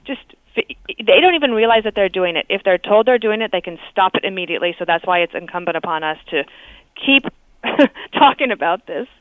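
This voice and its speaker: A woman's voice: mid-range voice, expressive, a little fast, no echo. Woman on a tinny phone line. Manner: chatty and candid, with small fillers. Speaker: guest. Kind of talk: phone interview on talk radio.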